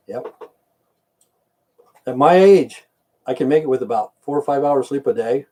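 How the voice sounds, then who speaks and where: A man's voice: mid-range voice, expressive, normal speed, long pauses, darkish tone, far from the mic. An older man hosting a casual livestream, rambling in blunt, profane rants. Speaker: livestream host.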